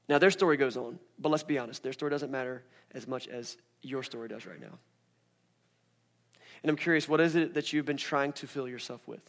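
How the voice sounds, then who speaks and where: A young adult man preaching a sermon as pastor, playful and animated, acting out scripture scenes in voices. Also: medium pitch, brisk, long pauses.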